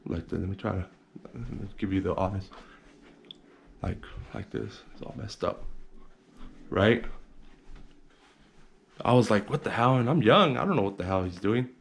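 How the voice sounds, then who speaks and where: Gravelly low-voiced man telling a story. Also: expressive, normal speed, pauses often. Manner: rambling, repeats words, acts out others in whispers. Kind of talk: casual storytelling to camera.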